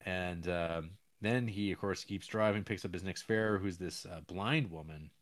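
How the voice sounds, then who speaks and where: A man's voice: low-pitched, unhurried, dry recording. A man co-hosting a podcast, chatting casually about a film in a rambling, profane way with plenty of laughter. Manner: rambling, profane, laughing, breaks into mock Italian voice. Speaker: podcast co-host. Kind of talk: casual film-review chat.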